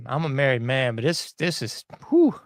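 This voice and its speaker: A man's voice: medium pitch, moderate pace, fairly bright tone, no room sound, clean studio sound. A man hosting an online show, giving casual, mocking commentary on news clips in a slangy, laughing manner.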